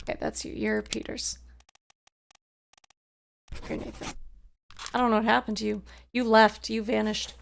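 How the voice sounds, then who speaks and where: A woman's voice: fairly high pitch, flat delivery, moderate pace, creaky, pauses often, slight background noise. A woman streaming a video game, casually musing aloud to herself and laughing at her own guesses. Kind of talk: casual gameplay commentary.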